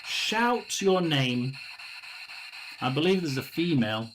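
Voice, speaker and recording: Bloke doing live tarot, slow musing talk, keeps clearing his throat, hissy noisy recording. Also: a little high. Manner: musing, talks to himself, frequent throat clearing. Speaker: tarot reader and live stream host. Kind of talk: live tarot and spirit session chat. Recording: steady background noise.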